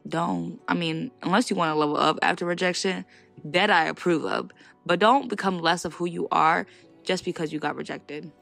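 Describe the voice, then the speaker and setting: A young woman hosting her own podcast, talking to listeners in an animated, outspoken way and laughing between her points. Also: on the low side, normal speed, vocal fry, soft background music. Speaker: podcast host. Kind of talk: casual solo podcast monologue.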